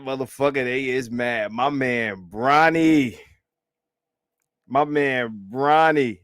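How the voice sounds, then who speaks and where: Slow-talking, profane man hosting a livestream. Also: mid-range voice, smooth, no room sound, clean studio sound. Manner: profane, animated and repetitive, laughs often. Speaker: livestream host. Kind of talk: casual live commentary reacting to clips.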